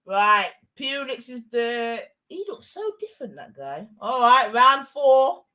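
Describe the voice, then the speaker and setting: A young woman, giving excitable, slang-heavy live commentary on a fight and shouting often. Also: fairly high pitch, slow pace. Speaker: watch-along streamer.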